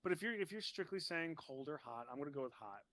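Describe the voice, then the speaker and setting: A man's voice: a little high, animated, a bit bright. A man from New Jersey chatting as a podcast guest, rambling and saying "like" a lot. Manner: rambling, peppered with "like", quick laughs. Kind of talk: casual chat.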